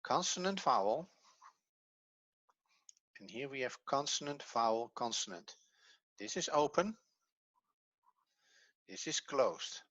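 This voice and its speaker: A middle-aged man teaching a grammar lesson, explaining slowly and step by step, a non-native English speaker whose first language is Dutch. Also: medium pitch, big pitch swings, fairly bright tone, no room sound, highs cut off. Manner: slow, methodical explaining step by step. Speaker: Hebrew teacher.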